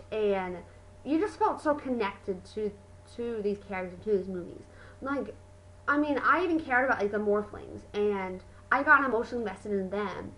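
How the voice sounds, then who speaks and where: A young woman talks in a casual video review, bubbling with excitement and packing her speech with fillers. Her voice sits a little high and rings very bright. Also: poor audio. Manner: gushing, excitable, full of fillers. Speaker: book and movie vlogger.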